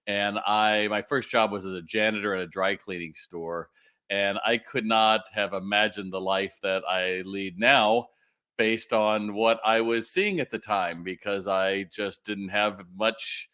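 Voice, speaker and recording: Middle-aged guy hosting a live q&a, lowish voice, chatty, lots of uh's. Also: unhurried, clear, resonant tone. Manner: chatty, animated, many fillers and restarts. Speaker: retail consultant hosting a live Q&A. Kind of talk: casual livestream talk.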